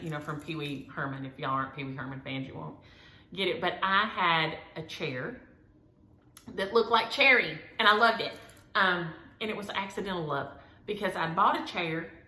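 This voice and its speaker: A woman's voice: on the low side, pushed and bright, reverberant. A woman, chatting to her viewers as a cross-stitch vlogger and rambling through homespun stories. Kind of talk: casual chat to viewers.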